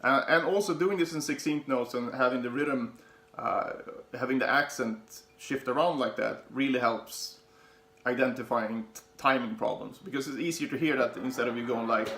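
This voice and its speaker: A man talks through a guitar lesson in a loose, halting way, stopping to count notes as he plays. His voice is gravelly, and it carries a roomy echo. Soft guitar music sits under his speech. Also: medium pitch. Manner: halting, many fillers and restarts, counting along with playing. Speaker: guitar teacher. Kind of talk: casual instructional talk. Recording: echoey room with guitar playing.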